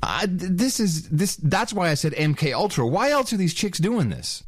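Sarcastic man with a lively, swinging voice. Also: sits high, breathy edge, dry recording, studio quality. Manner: sarcastic, laughing, quick asides. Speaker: talk show host. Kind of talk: casual mocking commentary.

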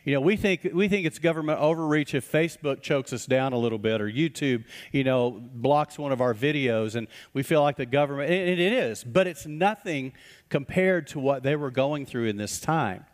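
Man, pastor's sermon, folksy storyteller, mid-pitched voice, long church reverb. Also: moderate pace. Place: church sanctuary.

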